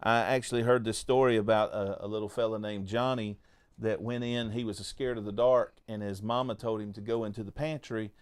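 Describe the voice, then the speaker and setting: A man's voice: on the low side, steady tone, a little fast, smooth. A man hosting a faith podcast, chatting casually and telling jokey, folksy stories with frequent restarts. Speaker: podcast host.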